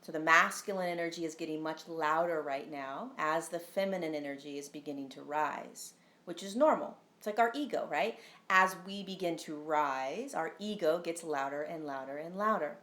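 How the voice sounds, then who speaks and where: A woman's voice: low-pitched, normal speed, fairly bright tone, reverberant. A woman talking casually on a live stream as a spiritual teacher, earnest and rambling, with frequent ums and tag questions. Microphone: phone.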